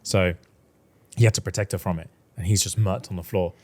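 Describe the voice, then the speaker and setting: A man's voice: low voice, fairly quick. A young man, a podcast co-host animatedly retelling a book plot in casual chat and acting out the characters' lines. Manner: animated storyteller, acts out the characters' lines in a raised voice.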